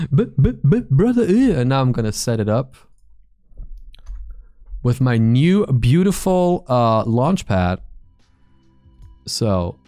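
A man's voice: medium pitch, warm tone, clear, resonant tone, dry recording. A man streaming live and chatting casually with his viewers, blunt and full of swearing as he rambles.

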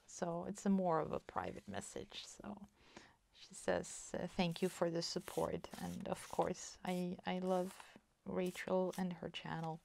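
Slow, gravelly-voiced woman chatting softly. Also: lowish voice, level tone. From Sweden. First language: Swedish. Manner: slow, soft-spoken, delighted. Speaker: crafting vlogger. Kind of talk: casual chat, opening a parcel.

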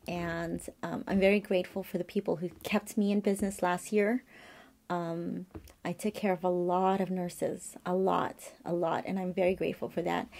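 A woman, a holistic health practitioner sharing a heartfelt personal message, earnest and halting with many fillers. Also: fairly low pitch, gravelly, a little mellow. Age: 50s. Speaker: acupuncturist and massage therapist. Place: her office.

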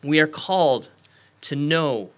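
Bright-voiced man preaching a sermon. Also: fairly high pitch, slow pace. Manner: storytelling preacher, acts out quoted voices. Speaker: guest pastor. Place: church sanctuary.

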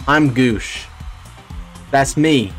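A man's voice: mid-range voice, extremely slow. Man reacting bluntly with faint music behind. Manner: blunt, swears freely, bursts out in surprised questions. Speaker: fish biologist streamer. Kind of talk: casual reaction commentary.

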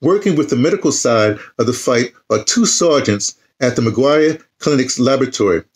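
A man in his sixties reads a newspaper article aloud in a casual, unpolished way. He keeps breaking off into rambling personal asides and restarting his sentences. His voice sits at an ordinary, mid-range pitch. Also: animated, moderate pace, slightly rough. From United States. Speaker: YouTube channel host. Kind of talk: casual reading and commentary.

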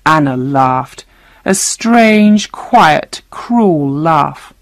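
Slow, low-voiced woman reading a story. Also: no room sound, low-quality recording. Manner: slow, clear reading for learners. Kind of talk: scripted narration of a graded reader.

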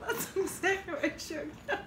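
A woman's voice: extremely high pitch, fairly even intonation, a little slow, a bit bright, reverberant, slight background noise. A woman co-hosting a livestream, giggling between words as she chats casually at a table indoors. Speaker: co-host on a livestream. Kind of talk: casual on-stream banter.

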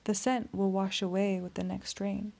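Smooth polite vampire guy, read by a woman, soft purr, gravelly and warm, flat calm delivery. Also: mid-range voice, normal speed. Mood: silky menace. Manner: soft seductive purr, courteous menace. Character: suave, menacing male vampire, calmly polite. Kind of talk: audiobook character reading.

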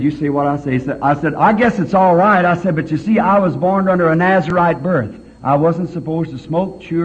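High-pitched folksy preacher. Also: male voice, slight background noise. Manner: folksy, animated, rising to shouts when excited. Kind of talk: storytelling sermon. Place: church hall with congregation. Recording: muffled old sermon tape.

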